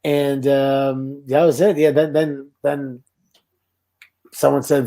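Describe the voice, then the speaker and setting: A middle-aged man from Canada, a former wrestler, telling stories in a relaxed, casual interview. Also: mid-range voice, slow, vocal fry. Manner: relaxed anecdotal storytelling with laughs and quoted voices. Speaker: guest, former pro wrestler.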